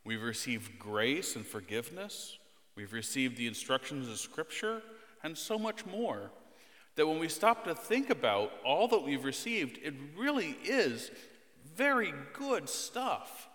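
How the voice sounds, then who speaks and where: Animated male preacher in a reverberant hall. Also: medium pitch, unhurried. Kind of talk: sermon.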